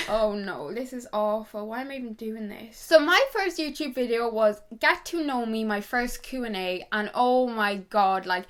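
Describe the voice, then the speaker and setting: A woman's voice: on the high side, normal speed, hardly any pauses, fairly bright tone. A young woman, chatting to camera and telling stories in a gossipy way. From Ireland. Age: young adult. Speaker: YouTuber. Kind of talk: casual chat to camera.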